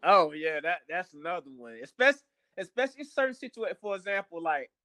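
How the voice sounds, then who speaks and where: A young man chatting on a podcast with a slightly high voice, blunt and full of curses. He restarts sentences, repeating words before landing his point. The sound is close and dry. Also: sing-song, fairly quick, pushed and bright, no room sound. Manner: blunt, profane, repeats words when starting. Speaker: podcast co-host. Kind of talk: casual chat.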